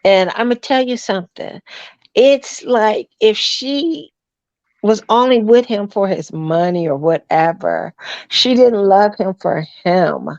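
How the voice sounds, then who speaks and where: Gravelly woman caller on a muffled line. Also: mid-range voice, slow pace, darkish tone, no echo. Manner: blunt, judgmental opinions. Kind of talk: call-in chat.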